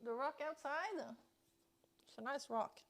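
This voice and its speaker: A woman's voice: sits high, expressive, unhurried. A woman streamer chatting casually on a live stream from home into her phone, swearing often. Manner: chatty, swears a lot, yells at bugs. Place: indoors at home.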